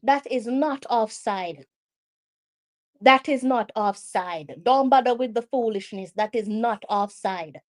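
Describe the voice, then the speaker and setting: A Jamaican woman hosts a live football watch-along with a slightly high voice. She is excitable and quick to argue with the officials, and she repeats her protests over and over in a casual fan commentary style.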